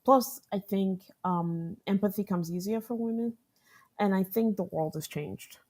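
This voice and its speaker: In a conversational interview, a woman who directs product management shares workplace stories with a mid-range voice at a measured pace. She animatedly performs what people said, laughs often, and frequently tags her points with "right?"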